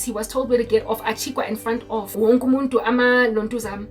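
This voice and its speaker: A young woman with a South African accent tells a story in a loose, chatty way, switching languages and checking in with her listeners. Her voice sits a little high. She sounds set back from the mic, and soft music plays underneath. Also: fairly even intonation, fairly quick. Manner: mixes English with Sesotho, frequent "do you understand?". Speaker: Christian YouTuber. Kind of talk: casual storytelling monologue. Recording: distant mic with faint music behind.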